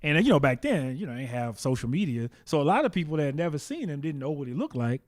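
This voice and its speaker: A man from the Bay Area, a guest drummer, telling animated anecdotes and mimicking the people he quotes. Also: a little high, quick pace. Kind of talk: casual interview storytelling.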